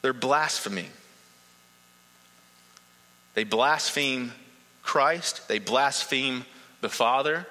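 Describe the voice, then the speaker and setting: A man's voice: medium pitch, extremely slow, pauses often, pushed and bright, long reverb tail, rough recording. A man preaching a sermon, earnest and emphatic, building points through repetition.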